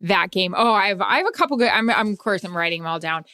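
Chatty woman with a smooth voice. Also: medium pitch, lively intonation, pushed and bright. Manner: chatty, reactive, quick asides. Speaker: sports producer and podcast co-host. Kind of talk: casual chat.

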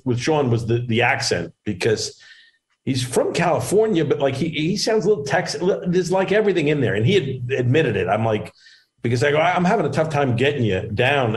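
A middle-aged man, both comedian and actor, is a guest in a casual interview by video call, wandering through stories and restarting frequently. His voice is medium-pitched, heard through poor audio.

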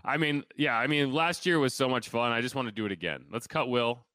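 A man co-hosting a casual sports podcast, talking fast and joking with a sarcastic streak. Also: medium pitch, pushed and bright, dry recording. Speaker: podcast co-host.

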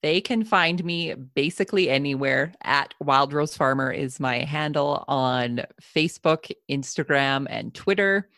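A Canadian woman from Southern Alberta talks easily as a podcast guest, breaking into laughter often. Her voice has a gravelly fry, and the recording is dry and close. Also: low voice, unhurried, hardly any pauses, fairly bright tone, no room sound. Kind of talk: casual interview chat.

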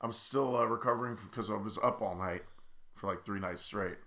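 A man's voice: lowish voice, brisk, pushed and bright. A young man co-hosting a podcast, telling a rambling story full of fillers, tired with stuffy sinuses. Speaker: podcast co-host. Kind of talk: casual chat.

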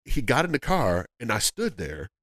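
A man, a comedian guest on a podcast, telling a story casually and acting out the people in it with sudden jumps in pitch. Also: moderate pace, dry recording, studio quality. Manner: animated, acts out quotes with big pitch jumps.

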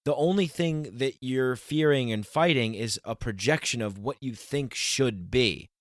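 A man's voice: mid-range voice, no room sound, clean studio sound. Rambling man in casual chat. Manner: rambling, many restarts, slows for emphasis.

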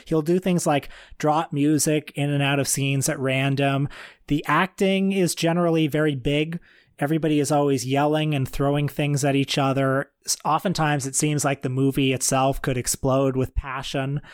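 A man co-hosting a film podcast, talking in a measured, thoughtful way with the odd stumble. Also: on the high side, flat delivery, clear, resonant tone, no echo, studio quality. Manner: measured, reads quotes aloud, occasional stumbles. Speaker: podcast co-host. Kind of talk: casual film discussion.

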